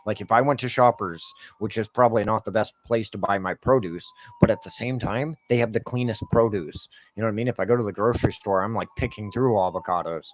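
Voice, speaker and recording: A man's voice: fairly low pitch, fast talker, hardly any pauses, a little hiss or hum. A man giving heated, profane rants over gameplay commentary, with lots of filler "like". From Canada. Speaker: gameplay streamer.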